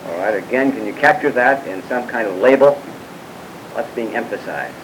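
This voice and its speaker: A man's voice: mid-range voice, normal speed, a little hiss or hum, low-quality recording. A man teaching a Bible class, explaining passages and putting questions to his students, with frequent asides and hesitations.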